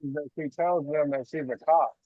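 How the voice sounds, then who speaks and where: A man co-hosting a reaction video, chatting casually with relaxed, slangy banter. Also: on the high side, moderate pace, muffled recording, very noisy.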